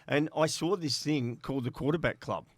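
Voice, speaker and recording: A man's voice: fairly high pitch, fairly quick, dry recording. A middle-aged Australian man, a former player agent, telling stories in a podcast interview and acting out the voices in them. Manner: lively anecdote teller who acts out quoted voices. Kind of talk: animated storytelling in a podcast interview.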